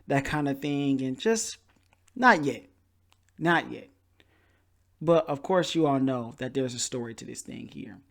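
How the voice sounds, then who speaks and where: With a medium-pitched voice, a man on his podcast relates a story in a relaxed, lively manner, performing the voices of those he quotes.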